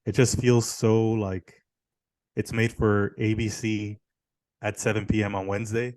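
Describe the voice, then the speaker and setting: A man's voice: fairly low pitch, flat delivery, a little slow, darkish tone, no room sound. A man co-hosting a podcast, chatting casually, blunt and opinionated, with some swearing. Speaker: podcast co-host. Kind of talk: casual chat.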